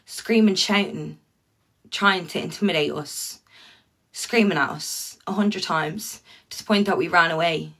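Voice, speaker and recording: A woman's voice: on the low side, unhurried, a bit bright. An Irish woman ranting bluntly to her viewers on a livestream, swearing freely and talking straight to them.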